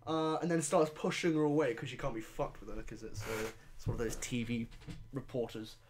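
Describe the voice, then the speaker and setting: A man's voice: medium pitch, fairly even intonation, brisk, a little mellow. A young man hosting a podcast in casual chat, crude, sarcastic and rambling. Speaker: podcast host.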